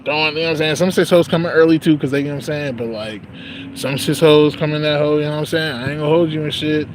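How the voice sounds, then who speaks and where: A man's voice: on the high side, steady tone, quick pace, noisy background. Young man ranting, bro-heavy slang. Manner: profane, repetitive, peppered with "bro" and "you know what I'm saying". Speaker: vlogger venting about work. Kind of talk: casual rambling rant.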